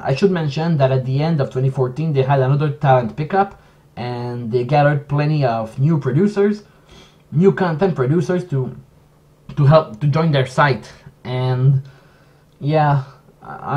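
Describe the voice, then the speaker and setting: A man who speaks English as a second language, giving a casual commentary vlog in a halting, self-correcting way. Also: medium pitch, dull audio. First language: not English. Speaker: video essayist.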